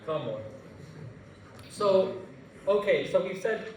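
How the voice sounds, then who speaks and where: Man, animated jokey talk, high voice, very echoey hall, mic far off. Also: normal speed, slight background noise. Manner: animated, jokey, slangy storytelling. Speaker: invited speaker. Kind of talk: public talk to students. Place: large university hall.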